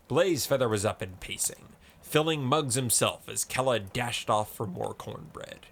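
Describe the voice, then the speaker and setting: A man narrating an audiobook story in a measured, descriptive way. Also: medium pitch, animated, creaky.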